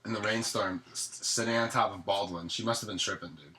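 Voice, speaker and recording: A man's voice: on the low side, brisk, sharp tone, reverberant, poor audio. A man teasing his friends in casual podcast chat. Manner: teasing banter.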